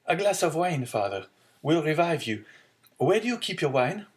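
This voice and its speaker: A man's voice: on the high side, big pitch swings, normal speed, voice pushed up. A man voicing an earnest young sailor of twenty, devoted to his father, reading from a storybook. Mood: anxious. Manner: earnest, pleading.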